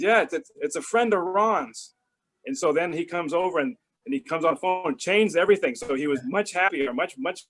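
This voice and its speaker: With a fairly high pitch and fairly bright tone, a middle-aged interview guest tells a casual, rambling story heavy on restarts and fillers. He reenacts the phone calls in different voices, and the recording quality is low.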